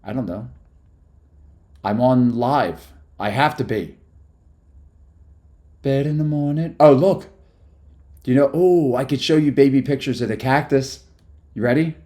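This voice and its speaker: A man's voice: mid-range voice, a little slow, pauses often, warm tone. A man chatting casually on a live stream, hyper and rambling from topic to topic after no sleep. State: sleep-deprived.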